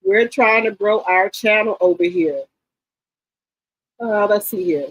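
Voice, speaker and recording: A middle-aged woman hosting a livestream, telling stories in a casual, animated, slangy chat and often repeating herself. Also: mid-range voice, slow, low-quality recording. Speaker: livestream host.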